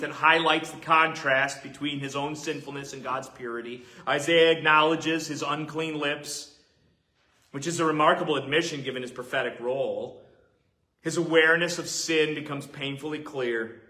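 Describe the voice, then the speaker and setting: A man's voice: mid-range voice, sharp tone. A man preaching an earnest, emphatic sermon as a pastor, repeating key points. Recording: roomy echoing hall.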